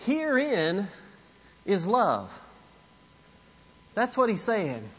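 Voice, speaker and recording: A man's voice: high-pitched, wildly swooping pitch, very slow, a bit bright, lo-fi sound. A man preaching a sermon, emphatic and repetitive, with asides to the congregation. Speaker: pastor.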